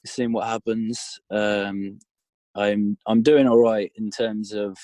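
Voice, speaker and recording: A man's voice: fairly low pitch, fairly even intonation, takes it slowly, dark tone, dry recording. Hesitant man shivering in a car. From United Kingdom. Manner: hesitant, modest, many ums. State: shivering from cold. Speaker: artist guest. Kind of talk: casual interview answers. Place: parked car.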